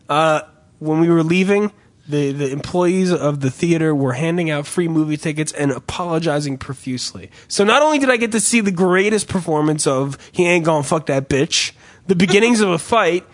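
A man telling a story in casual chat, profane and animated. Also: a little high, moderate pace.

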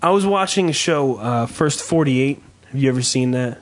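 A man hosting a podcast in casual chat, rambling and swearing freely while riffing with dark humor. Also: medium pitch, lively intonation, normal speed. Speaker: podcast host.

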